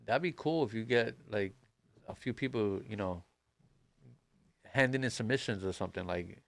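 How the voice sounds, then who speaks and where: A man's voice: lowish voice, moderate pace, vocal fry, no room sound. A man hosting a casual interview, laid-back, giving short replies and tossing out ideas. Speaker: host. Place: studio.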